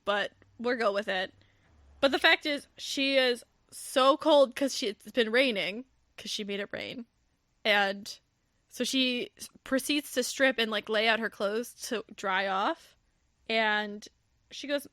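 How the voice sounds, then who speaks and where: Recorded cleanly in a studio without echo, a podcast host with a fairly high voice and measured pace gives a casual recap of a novel. She acts out the characters' quotes with animation, swearing and laughing as she goes.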